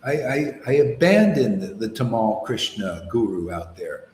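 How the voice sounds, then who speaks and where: A man preaches in a loose, conversational way, his pitch swinging widely as he argues. The room around him is echoey, with faint background noise. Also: measured pace. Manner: animated, mocks opponents in put-on voices. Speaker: spiritual teacher. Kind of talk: informal sermon.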